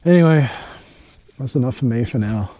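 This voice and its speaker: Aussie bloke talking to his camera out in the bush, mellow low-key voice, jokes around and swears a bit. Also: expressive, moderate pace, no room sound. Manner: chatty, joking, swears casually. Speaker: hiking vlogger. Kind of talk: casual solo vlog to camera. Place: outdoors in bush at a campsite.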